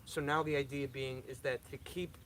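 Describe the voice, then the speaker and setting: A young man hosts a live question-and-answer stream, reading viewer questions aloud and answering them. He talks casually and repeats himself, tripping over words now and then. His voice sits at an ordinary pitch, with a faint hum of noise in the background. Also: fairly even intonation, normal speed, a bit bright, poor audio. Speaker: lawn care channel host.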